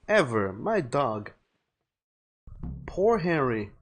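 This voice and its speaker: A man's voice: mid-range voice, unhurried, pauses often. Chatty male game streamer. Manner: chatty, reads viewer messages aloud, swears. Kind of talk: casual live-stream commentary.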